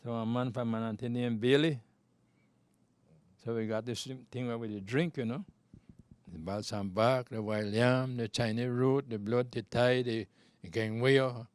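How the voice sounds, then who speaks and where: A man's voice: medium pitch, fairly even intonation, unhurried, smooth, dry recording. A man in his nineties with a Belizean Creole accent, rambling through life stories as an interview guest, often repeating himself. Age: 90s. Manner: loose, repetitive storytelling in Creole speech. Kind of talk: rambling life-story telling.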